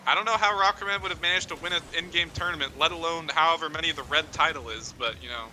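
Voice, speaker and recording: A man's voice: fairly high pitch, fast talker, bright, forceful tone, a little hiss or hum. A young man casting a game on a casual drinking stream, joking and crude in his banter. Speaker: esports caster.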